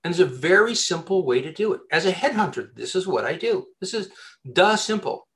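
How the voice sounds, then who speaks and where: A man with a slightly raised voice explains job-hunting tactics in a loose, conversational interview. He talks with lively energy, repeating words and restarting sentences as he thinks aloud. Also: high voice, fairly quick. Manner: animated, chatty, many restarts and repeated words. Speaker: headhunter giving job-search advice. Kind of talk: casual advice interview.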